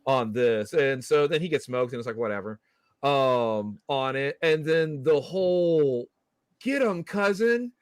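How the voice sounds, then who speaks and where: A man's voice: medium pitch, moderate pace, smooth, no room sound. A man co-hosting a casual horror film chat, recounting scenes wryly. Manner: wry, recounting scenes with mocking quotes. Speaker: podcast co-host.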